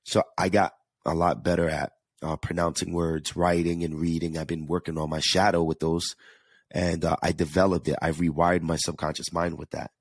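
Deep-voiced man with a New York accent. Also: flat delivery, moderate pace, no room sound. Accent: New York–New Jersey. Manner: earnest and chatty, with frequent restarts and repeated words. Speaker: podcast host. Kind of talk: casual solo podcast talk.

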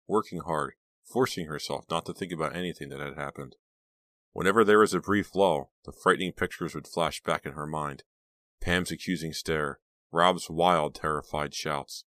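Deep-voiced man narrating an audiobook. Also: no echo. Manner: steady, measured storytelling. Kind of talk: scripted narration.

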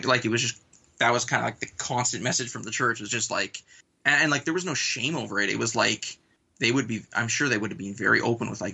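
A man's voice: mid-range voice, fast, creaky, bright, forceful tone, breathy edge, muffled recording. A man in an interview speaking bluntly and casually about his church upbringing. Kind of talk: candid personal recollection.

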